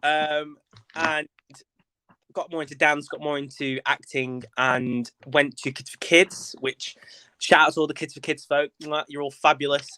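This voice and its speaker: A man's voice: a little high, fairly even intonation, a little slow, pushed and bright, clear, resonant tone, no room sound. A young man from Lancashire, chatting as a podcast guest about his path into theatre, playful with camp asides and lots of fillers. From Lancashire, England. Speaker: guest, actor and theatre director. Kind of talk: casual podcast chat.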